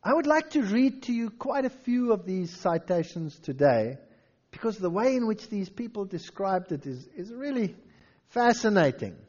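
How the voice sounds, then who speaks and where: A man giving a lively history lecture, telling stories and reading old quotations aloud with dramatic flair. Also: high-pitched, normal speed, highs cut off.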